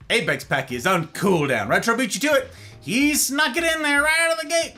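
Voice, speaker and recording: A man chats on a live stream from his home office, his bright, forceful voice leaping up and down as he playfully welcomes viewers by name. Soft music plays faintly behind him. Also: very high-pitched, fairly quick. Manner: animated, playful, greets chatters by name. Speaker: livestream host. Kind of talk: casual live-stream chat.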